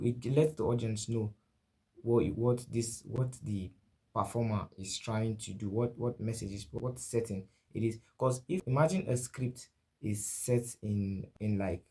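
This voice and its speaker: Mellow-voiced Nigerian man teaching acting. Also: lowish voice, slightly rough. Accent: Nigerian English. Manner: repeats and restarts, often asks "right?". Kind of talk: spoken lecture to camera.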